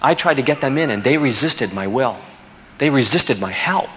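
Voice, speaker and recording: A man tells a story with a forceful, bright voice, rushing through the action and then sinking low and quiet for weight. The sound is a dull, lo-fi recording in an echoey hall, with faint noise underneath. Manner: animated storyteller, fast and emphatic, dropping low and quiet at grave moments. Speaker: guest speaker telling a story.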